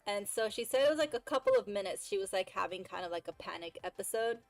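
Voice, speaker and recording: A woman's voice: medium pitch, lively intonation, fast talker, no room sound, rough recording. A woman streamer retelling a story in a casual, chatty way, full of fillers and exasperated asides.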